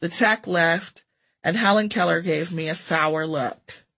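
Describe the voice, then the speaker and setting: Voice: mid-range voice, measured pace, creaky, sharp tone, husky. A narrator reading a first-person story aloud with a wry, sardonic delivery.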